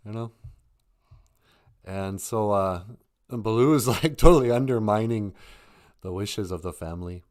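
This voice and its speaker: A man's voice: lowish voice, a little slow, pauses often, a little mellow. Rambling man in his fifties, laughing often. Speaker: live-stream co-host. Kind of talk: casual chat, storytelling.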